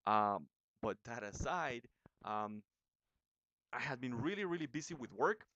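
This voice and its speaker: A young man who reviews movie trailers in a casual vlog, talking in an excited, chatty way with many fillers and restarts. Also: mid-range voice, unhurried, no echo, dull audio.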